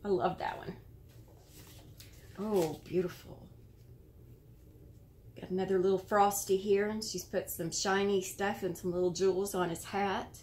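An American woman hosting a casual show-and-tell of handmade cards, admiring and gentle, sometimes searching for words. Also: medium pitch, fairly even intonation, a little slow, long pauses, a little hiss or hum. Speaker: card-making channel host.

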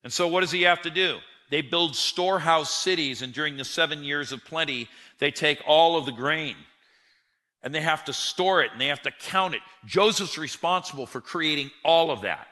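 A man delivers a sermon in a bright, forceful voice, telling the story with animation and acting out the lines of the people in it. His voice rings with the long reverb of a large hall. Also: fairly high pitch, moderate pace. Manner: animated storyteller who acts out quotes. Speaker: preacher.

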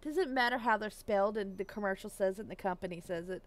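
A woman's voice: medium pitch, fast. A woman live-streaming a game, chatting casually and bubbly, giggling and greeting viewers by name. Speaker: Twitch streamer.

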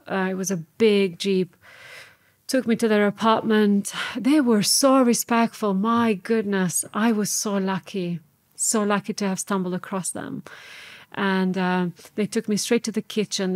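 A woman, speaking earnestly as a podcast guest recounting her past. Her voice sits at an ordinary middle pitch and is recorded close and dry, with no room sound around it. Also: steady tone, measured pace, no echo. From Serbia. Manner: earnest, reflective, re-enacts her past self's words. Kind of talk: personal storytelling in an interview.

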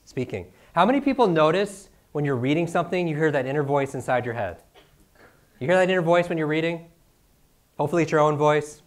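A man's voice: fairly high pitch, expressive, brisk. A middle-aged man teaching a seminar to a live audience, firing off rhetorical questions and tagging lines with "right?". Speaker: speaker teaching speed reading. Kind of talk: energetic live seminar talk.

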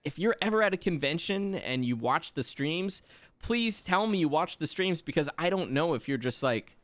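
A man hosting a casual game stream, chatting and telling stories in an animated, laughing way. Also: on the high side, moderate pace, no room sound. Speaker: streamer and voice actor.

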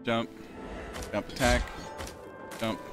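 A man's voice: mid-range voice, level tone, slow. A man streaming a video game, counting out his moves and swearing as he vents his frustration at it. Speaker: gaming streamer. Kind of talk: let's play commentary. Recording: game music playing behind.

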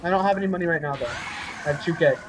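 High-voiced young man chatting over gameplay. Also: quick pace, noisy background. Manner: chatty, rambling, with many fillers and restarts. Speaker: host. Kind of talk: casual gaming chat over a voice call.

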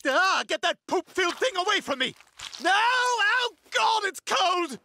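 A man's voice: sits high, sing-song, moderate pace, a bit bright, full character voice. An actor voicing a precocious, scheming infant boy in a cartoon, with prim, theatrical diction and overdramatic outbursts. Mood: disgusted. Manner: shrieks in disgust, overdramatic. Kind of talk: cartoon voice acting.

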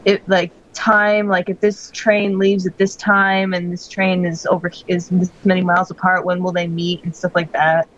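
This podcast co-host, a woman, has a low-leaning but fairly bright voice and a flat delivery, moving at a moderate pace with hardly any pauses. Her casual talk rambles with many fillers and restarts, and the recording sounds dull and lo-fi.

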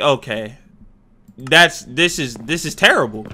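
A young man giving jumpy, excitable, slang-filled commentary while playing a horror game and talking to his viewers. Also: mid-range voice, moderate pace, slightly rough. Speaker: gaming YouTuber.

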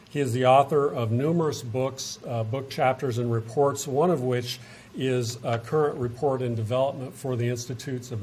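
A man hosting a university event, reading a formal introduction of the guest with frequent "uh" pauses. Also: mid-range voice, darkish tone, slight background noise. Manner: reads a biography with frequent "uh" pauses. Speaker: event host introducing the speaker. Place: lecture hall.

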